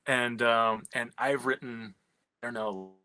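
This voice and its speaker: A man, a screenwriter and comic writer, telling a candid story in an animated, profane way with many restarts. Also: mid-range voice, unhurried, clear, resonant tone, dry recording, rough recording.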